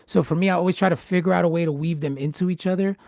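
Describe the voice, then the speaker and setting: A man with a somewhat high voice and a gravelly edge talks animatedly as the host of a casual live-streamed chat. He often doubles words when he gets going. The sound is dry and close, with no room around it. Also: steady tone, racing, darkish tone, dry recording.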